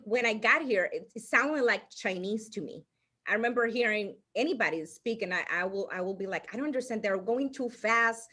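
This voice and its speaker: A woman with a Spanish accent, Spanish her first language, telling stories as a podcast guest with frequent laughter and restarts. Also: medium pitch. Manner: animated storyteller, laughs often, restarts mid-sentence. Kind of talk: casual podcast storytelling.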